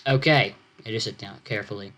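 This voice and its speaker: Teen boy reading his own sci-fi story out loud, halting, keeps breaking off to explain stuff. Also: mid-range voice, steady tone. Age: teens. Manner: halting, self-interrupting, comments on own text. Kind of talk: reading own fiction aloud with asides.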